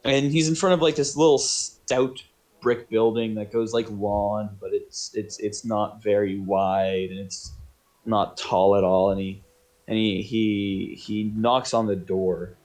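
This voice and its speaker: A man's voice: fairly low pitch, fairly even intonation, measured pace, darkish tone. A man narrating as game master on a tabletop game stream, casual and rambling, with many restarts. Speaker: dungeon master.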